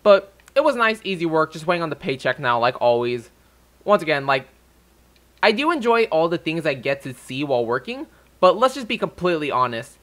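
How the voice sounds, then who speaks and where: A young man vlogger rants casually at his viewers, getting heated and swearing freely. His voice is a little high and a bit bright, and he talks briskly in a very animated way.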